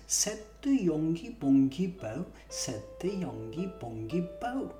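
A woman reading a nonsense poem aloud in a slow, lilting recitation. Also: sits low, sing-song, dark tone. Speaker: reader. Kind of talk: poetry reading. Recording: roomy distant mic with guitar music.

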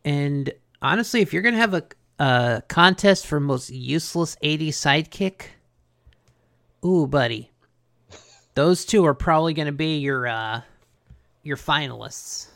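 A man's voice: on the high side, unhurried, gravelly, fairly bright tone. A man co-hosting a podcast, recapping an old cartoon in a sarcastic, casual way. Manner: sarcastic, acts out characters while recapping. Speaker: podcast co-host.

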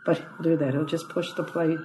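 A woman, a comedian telling stories in an interview with a chatty, lively manner that swoops up for emphasis. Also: deep voice, brisk, background noise. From United States (Ohio). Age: 80s. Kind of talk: animated interview storytelling. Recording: echoey room.

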